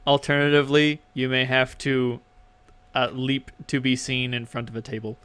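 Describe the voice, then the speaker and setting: A man's voice: medium pitch, level tone, moderate pace, fairly bright tone, clear, resonant tone, no room sound. Casual stumbling male game master. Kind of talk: narrating a tabletop game.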